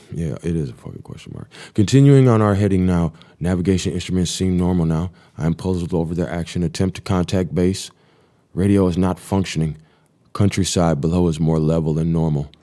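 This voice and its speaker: A man's voice: low voice, dark tone. A man hosting a live stream, reading a diary aloud and breaking off for profane, sarcastic asides.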